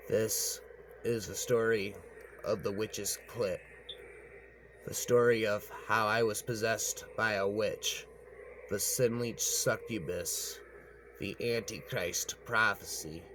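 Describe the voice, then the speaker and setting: A man's voice: lowish voice, noisy background. A man telling a rambling story aloud, often repeating himself and tagging lines with "man". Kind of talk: rambling spoken horror story.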